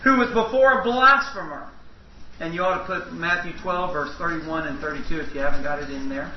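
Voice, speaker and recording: A man's voice: fairly high pitch, a little fast, slight background noise. A man teaching a Bible study to a small group in a folksy, emphatic way, joking with his listeners. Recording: echoey room, distant mic, dull lo-fi.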